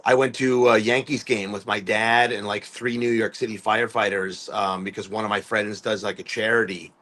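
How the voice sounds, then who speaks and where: A musician guest from the US East Coast tells stories casually in a fairly low, level, slightly bright voice at a moderate pace. He rambles, using many fillers and restarts, and acts out quoted voices.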